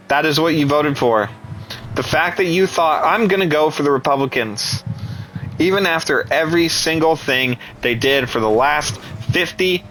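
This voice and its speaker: A man's voice: a little high, fairly bright tone, slight background noise, poor audio. A man ranting with scorn and profanity in an angry political commentary.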